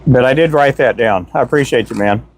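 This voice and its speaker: A man hosting a live stream, chatting casually and cheerfully through shout-outs, a self-described chatterbox with a voice tired from talking a lot. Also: mid-range voice, brisk, slight background noise. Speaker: livestream host. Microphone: Donner microphone.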